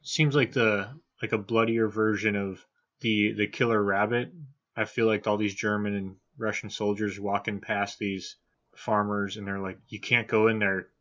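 A man's voice: on the low side, flat delivery, moderate pace, a bit bright, muffled recording. A man co-hosting a podcast in casual chat, joking and hedging with "like". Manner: joking, hedges with "like". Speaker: podcast co-host.

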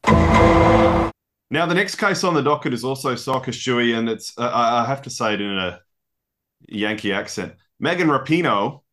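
A man co-hosting a casual sports podcast, chatty and quick to laugh, with mock-legal banter. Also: medium pitch, a bit bright. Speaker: podcast co-host.

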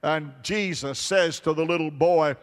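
A male preacher delivering a sermon in a measured, drawn-out rhythm, his voice sitting somewhat high for a man. He builds emphasis through repetition and breaks into sudden shouts. His words ring out with a long hall reverb behind them. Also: clean tone.

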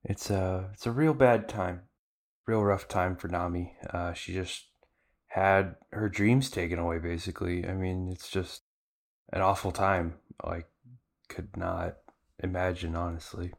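Man, podcast host, chatty animated retelling, lower voice. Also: measured pace, gravelly. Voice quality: conversational, filler-heavy, animated retelling. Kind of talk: casual anime episode recap.

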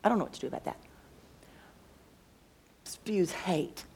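A woman's voice: lowish voice, lively intonation, racing, a little mellow, slight background noise. A woman who teaches school, talking casually about faith and thinking aloud as she searches for words. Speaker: schoolteacher and co-host.

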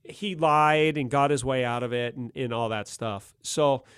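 A man's voice: mid-range voice, a little slow, clean tone, no echo, clean studio sound. A middle-aged man telling a wild story in casual, slangy chat, laughing often. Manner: laughs often, animated, slangy ("dude", "gnarly").

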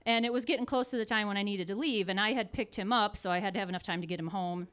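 A woman in her forties telling a funny personal story in a casual, animated way, often laughing and acting out the people in it. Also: medium pitch, fast, clean tone.

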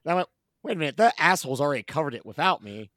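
Lively, teasing male co-host. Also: fairly high pitch, very fast, no room sound, clean studio sound. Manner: teasing, animated storyteller. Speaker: podcast co-host. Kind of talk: casual chat.

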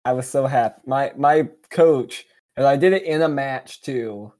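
A man co-hosting a casual podcast, chatting in a jokey, animated way with sudden excited jumps in pitch. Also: unhurried. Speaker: podcast co-host. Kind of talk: casual chat.

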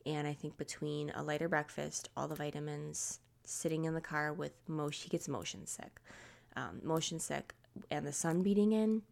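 A woman host talks in a loose, rambling way, with plenty of fillers and frequent laughs. Her voice sits a bit low and has a gravelly fry. Her throat sounds scratchy. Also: darkish tone. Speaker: podcast host. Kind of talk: casual chat.

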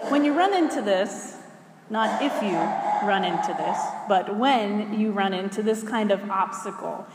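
Slow woman preacher in echoey hall. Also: mid-range voice, expressive, very noisy. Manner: measured, with rhetorical questions to listeners. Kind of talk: scripture reading then sermon. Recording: echoey hall with long reverb.

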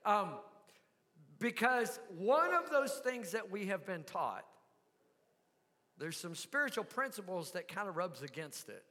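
A man's voice: high voice, sharp tone, long reverb tail. An older man with a Southern US accent preaching a sermon, folksy and asking the congregation questions. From American South. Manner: folksy, asks the crowd questions. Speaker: pastor.

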